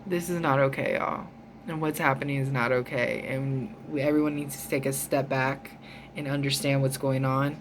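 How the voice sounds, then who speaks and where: A woman's voice: rumbling low, fairly even intonation, normal speed, a little hiss or hum. A woman vlogger ranting in a heated, emphatic way, with frequent swearing. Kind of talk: ranting storytime vlog.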